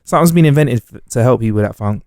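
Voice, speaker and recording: A man's voice: mid-range voice, racing, no echo, clean studio sound. A man co-hosting a podcast, telling jokey stories in casual slang. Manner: animated, jokey storytelling with slang. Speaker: podcast co-host. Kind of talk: casual chat.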